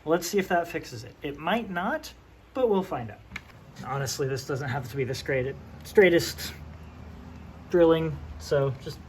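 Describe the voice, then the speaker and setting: In a noisy workshop recording, a DIY host with a medium-pitched, expressive voice talks a little slowly while building. They chat casually, joke, and think aloud in a relaxed how-to style.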